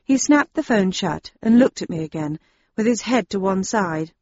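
A woman narrating a first-person audiobook in a wry, expressive way. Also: medium pitch, moderate pace, slightly rough, no room sound, muffled recording.

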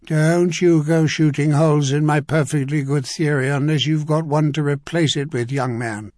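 A man's voice: on the high side, moderate pace, darkish tone, dry recording. A man doing a dry, wry older duke.

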